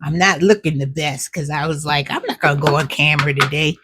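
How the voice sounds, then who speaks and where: A woman's voice: low voice, fairly quick, a bit bright, slightly rough, no room sound, clean studio sound. A woman chatting casually to camera at home as a cooking and gardening vlogger, drawing out her words and calling viewers "child" and "y'all".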